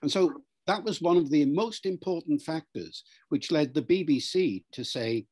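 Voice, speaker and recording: Older man, husky voice, lively pitch; patient expert explaining in an interview. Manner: measured, lecturing, spells out words and demonstrates pronunciations. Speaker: linguist being interviewed.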